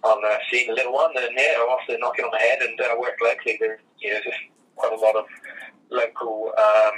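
A young man with a hoarse throat, chatting as a guest in an easygoing, rambling way with lots of fillers. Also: medium pitch, level tone, fast, fairly bright tone. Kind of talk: casual interview chat. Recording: voice from far off the mic.

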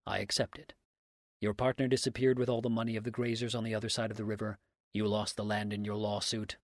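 A man voicing a steady, menacing mountain man who speaks low and level. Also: quick pace, no room sound, clean studio sound, close to an everyday voice. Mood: deliberate.

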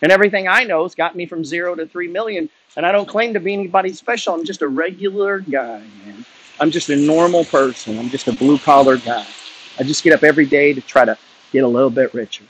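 A man's voice: on the high side, quick pace, slight background noise. A middle-aged man ranting bluntly and profanely about building wealth, lecturing his viewers with rising heat. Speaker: wealth-building content creator. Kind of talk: unscripted rant to camera.

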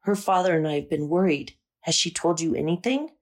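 A stern, suspicious mother with a thick Slavic accent speaks in a guttural, low voice, as a woman reads her out. Her lines come blunt and clipped, with a gravelly edge. This is storybook narration. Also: fairly quick. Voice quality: guttural, deep.

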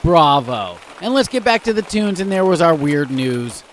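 A man's voice: sits high, big pitch swings, moderate pace, slight background noise. A man hosting a music show, reading weird news stories in a chatty, casual way and reacting aloud. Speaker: radio show host.

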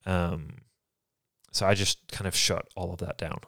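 This is a man from England with a very deep voice. He talks in a soft, reflective, halting way during a candid podcast chat. The sound is dry and close, with no room echo. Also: level tone. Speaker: podcast co-host. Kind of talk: candid personal conversation.

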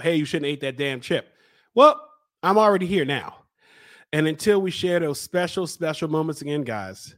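A man from Baltimore hosting a casual solo vlog, playful and exclamatory, drawing things out and laughing often. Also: on the high side. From Baltimore, USA. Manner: lively, exclamatory. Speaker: podcast host.

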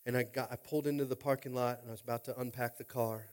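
A man preaching a sermon as a pastor, informal and jokey, dropping to quiet talk and then rising to shouting. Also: steady tone, quick pace. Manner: swings from quiet, low talk to loud shouting; informal, jokey, with repeated "are you with me?".

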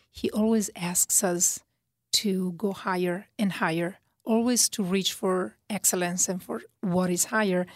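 A woman with an Italian accent, a religious sister speaking as a guest on a radio talk show about faith, reflective and measured. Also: mid-range voice, no room sound, studio quality.

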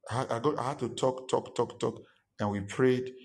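A man's voice: mid-range voice, moderate pace. Emphatic male pastor preaching. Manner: emphatic and repetitive, acts out quoted listeners. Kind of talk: sermon.

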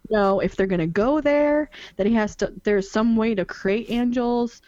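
A woman's voice: on the high side, normal speed, darkish tone, no echo, lo-fi sound. A woman from upstate New York co-hosting a casual podcast, chatty and self-deprecating. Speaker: podcast co-host.

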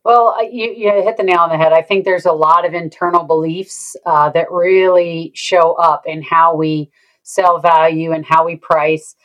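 A woman sales consultant answering interview questions in a thoughtful, unhurried way. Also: on the low side, steady tone, a bit bright, rough recording. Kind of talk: conversational interview.

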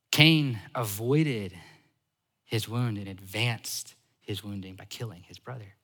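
Male pastor in a sermon, bright and forceful tone, lively swings in loudness. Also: on the low side, slow pace, in a large hall. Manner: animated, swings between loud emphasis and soft asides.

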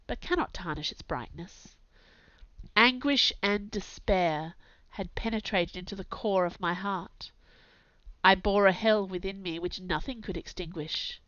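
A woman narrating a dramatic audiobook reading in an anguished, intense, theatrical way, dropping to hushed tones at times. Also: mid-range voice, smooth, dry recording. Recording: slightly dull, dry recording.

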